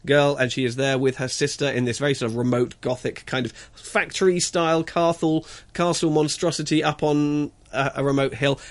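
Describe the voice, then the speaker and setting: A man reviewing a film in casual radio chat, halting and stumbling as he searches for words. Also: mid-range voice. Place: radio studio.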